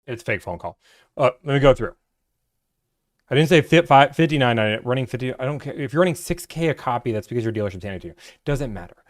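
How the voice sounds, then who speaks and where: A man's voice: medium pitch, lively intonation, quick pace. A man, hosting a livestream from his office, chatting casually and teasing the chat with sarcasm. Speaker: livestream host, car buying broker.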